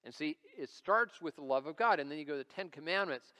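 A man's voice: on the high side, animated, fast, bright, forceful tone. A man in his forties preaching a sermon as lead pastor, conversational and storytelling with self-deprecating humor, recorded live in a church. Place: church sanctuary. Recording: church hall reverb.

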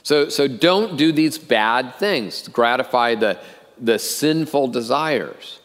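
A man's voice: medium pitch, lively intonation, takes it slowly, fairly bright tone. A middle-aged man preaching a sermon as pastor, earnest and often repeating words as he starts a phrase. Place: church auditorium. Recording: long reverb of a church hall.

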